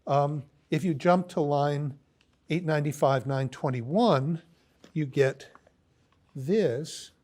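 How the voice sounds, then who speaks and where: A man giving a philosophy lecture, pausing often with ums and restarts as he reads quoted lines aloud. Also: a little high, darkish tone. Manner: halting, many ums and restarts.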